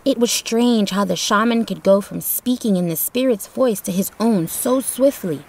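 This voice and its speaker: A woman reading a storybook chapter in a steady, expressive narration. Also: mid-range voice, normal speed. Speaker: audiobook narrator.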